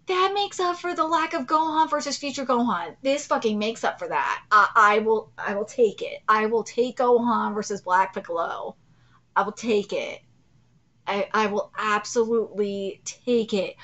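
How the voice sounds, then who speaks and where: High-voiced woman hyped over a manga. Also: normal speed. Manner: swings from loud gasping excitement to low ranting, heavy swearing. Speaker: channel host reacting to a manga chapter. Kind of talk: excited live reaction.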